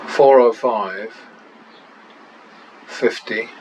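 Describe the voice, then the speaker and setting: A man talks through practice casino betting in an unhurried, deliberate way. He mutters running tallies and breaks in with wry exclamations. A faint ambient hum sits behind his voice. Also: medium pitch, darkish tone, dull audio. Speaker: channel host.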